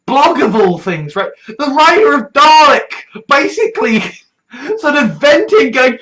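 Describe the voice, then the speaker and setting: A young British adult ranting on a political vlog, swearing freely and sarcastic, with a stuffy nose, sometimes rising to a shout. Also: sits high, very animated, measured pace, poor audio. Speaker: political vlogger.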